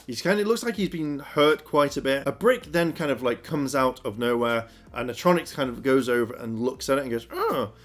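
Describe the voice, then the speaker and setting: A man's voice: medium pitch, brisk, few pauses. Just a guy rambling through an episode recap, chatty, kinda filler-heavy. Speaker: TV episode reviewer.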